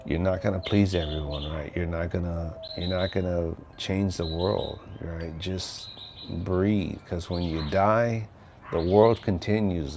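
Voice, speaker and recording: An older man with a very deep, low voice talks through a relaxed livestream outdoors by his house. He rambles easily and keeps checking in with a "right?". Birdsong can be heard faintly behind him. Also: noisy background. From Texas. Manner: rambling and laid-back, often tags on "right?". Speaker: livestream host. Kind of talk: casual livestream chat.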